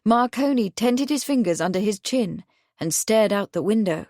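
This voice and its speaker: A woman narrates a period mystery audiobook, steady and measured. Her pitch is middling for a woman. The booth sound is dry and close, with no room echo. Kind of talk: scripted narration.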